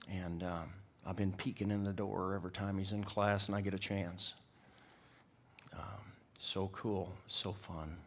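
This middle-aged pastor's voice is fairly low and a bit bright as he preaches in church. He tells his stories in a folksy, joking style, performing the characters in them.

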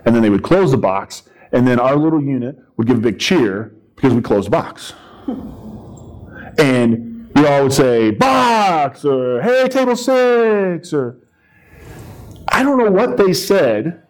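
A man's voice: medium pitch, a little slow, pauses often, rough recording. A middle-aged male preacher giving a sermon, retelling a story with playful asides and acted-out voices. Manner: animated storytelling, acting out voices and yells.

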